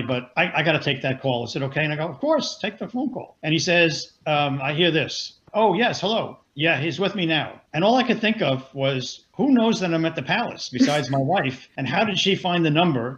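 Older man telling a lively anecdote. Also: on the high side, muffled recording. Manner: animated storyteller acting out dialogue. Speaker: film producer guest. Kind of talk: anecdotal storytelling.

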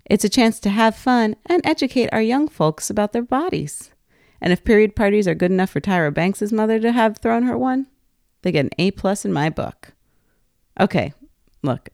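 Playful host with a gravelly edge. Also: female voice, mid-range voice, darkish tone, dry recording, studio quality. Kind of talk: scripted narration.

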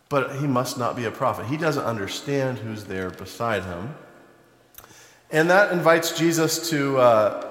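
A man preaching a sermon, retelling a Bible story in a conversational storytelling way and turning animated when he acts out the people in it. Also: mid-range voice, measured pace. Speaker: pastor. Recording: echoey hall, long reverb.

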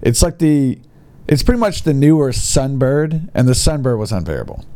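A man giving comedic commentary with a mocking, sarcastic edge and quick asides. His pitch jumps around a lot, and his tone stays mellow and dark. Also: expressive. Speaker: host.

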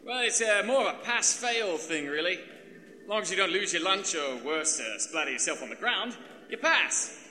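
A man's voice: high voice, lively intonation, moderate pace, sharp tone, in a large hall, heavily acted. A man voicing a brash young New Zealand thrill-seeker with a laid-back, matey manner and a New Zealand accent. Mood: easygoing.

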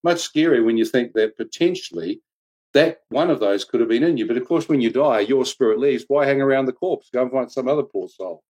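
A man telling a personal testimony in casual, excitable storytelling, laughing often and jumping into high voices when he quotes people. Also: fairly quick, low-quality recording. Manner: colloquial slang, "mate", "flippin'".

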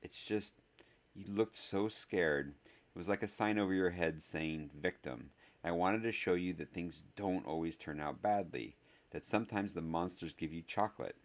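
A man's voice: sits low, moderate pace, lightly acted. A man voicing an earnest, faltering boy wizard. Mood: contrite. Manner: hesitant apology, faltering with ums. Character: boy of about eleven, anxious, fumbling, rather intense.

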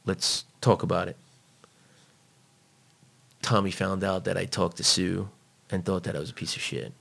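A man being interviewed, telling a personal story in a blunt, profane, animated way. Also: low-pitched, brisk, creaky.

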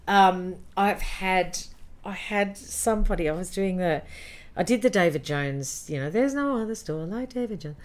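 A middle-aged Australian woman, a former jingle singer, telling lively anecdotes in a casual interview and acting out the quotes. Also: lowish voice.

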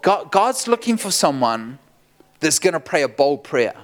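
A man's voice: a little high, measured pace. A man preaching as a pastor, telling a story with lots of laughter and acted-out quotes. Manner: animated, laughing often, acts out quotes. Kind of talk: storytelling sermon.

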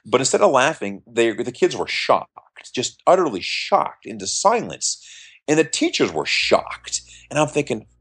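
Being interviewed, this middle-aged man, a magician, spins animated stories and performs the quoted voices of their characters. The voice is mid-range and slightly rough, with normal speed.

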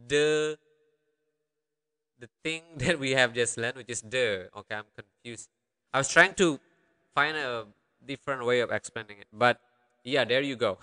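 A man teaching a language lesson, patiently repeating phrases slowly for learners. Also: a little high, bright, forceful tone, smooth. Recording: long hall reverb.

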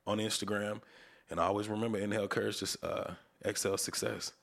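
Laid-back cursing podcast host, lowish voice. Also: male voice, level tone, brisk, creaky, a bit bright. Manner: profane, laid-back storytelling. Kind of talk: casual podcast chat.

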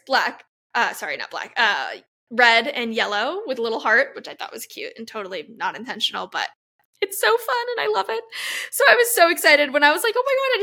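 A young woman hosting a podcast, telling a long, excited story full of fillers and gushing asides. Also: on the high side. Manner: gushing, breathless fan recap with many fillers. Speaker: podcast host.

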